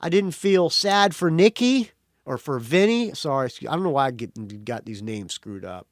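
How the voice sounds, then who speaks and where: A man's voice: a little high, expressive, normal speed, dry recording, clean studio sound. A male podcast host giving a casual movie review monologue, blunt and profane, with frequent restarts.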